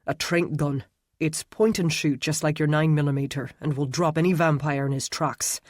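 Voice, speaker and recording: A man's voice: a little high, fairly even intonation, moderate pace, no room sound, clean studio sound, lightly acted. A man voicing a grim, protective immortal man who speaks curtly and gives orders. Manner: curt, commanding.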